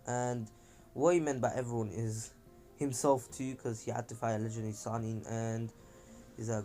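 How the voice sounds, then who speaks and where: A man's voice: medium pitch, little pitch movement, normal speed, dark tone, faint music behind. Chatty man retelling a fan story. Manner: chatty, rambling, frequent fillers and slang. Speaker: channel host. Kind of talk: casual fan-story narration.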